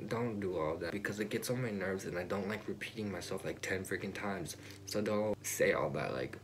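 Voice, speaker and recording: A man's voice: sits low, moderate pace, slight background noise. A teenage boy vlogging a casual rant to camera, exasperated and repetitive, leaning on "like" between phrases. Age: teens.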